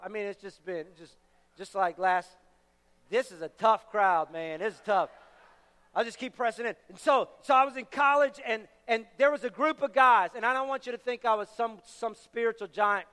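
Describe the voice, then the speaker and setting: A young man preaching a sermon, telling stories with animated shouted bursts. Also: very high voice, smooth. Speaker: pastor. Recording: reverberant hall.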